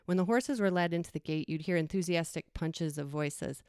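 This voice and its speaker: Low-pitched woman in her forties, measured reflective storytelling, clear and dry. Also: darkish tone, no room sound. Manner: reflective, measured reading with brief acted quotes. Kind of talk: personal essay read aloud.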